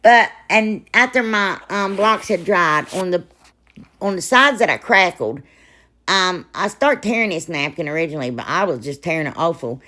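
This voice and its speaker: A woman, hoarse and froggy from a sore throat, narrating a crafting video in a rambling, chatty way with lots of asides. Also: on the low side, animated, normal speed, pushed and bright. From Ohio, US. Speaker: crafting channel host. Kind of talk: casual DIY voice-over narration.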